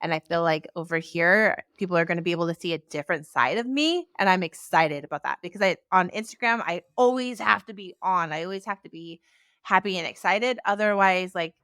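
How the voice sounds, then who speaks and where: A woman hosting a podcast in casual chat, animated and acting out the voices of people she quotes. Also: brisk, smooth, no echo, studio quality. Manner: animated, acts out quoted voices with big pitch jumps. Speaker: podcast host.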